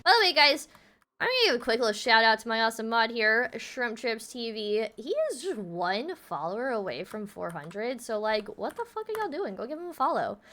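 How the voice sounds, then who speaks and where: A woman's voice: a little high, very animated, brisk, bright, forceful tone. A woman with a Texan accent, chatting playfully and giggling as she streams a game. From Texas. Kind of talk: casual live-stream chat while gaming.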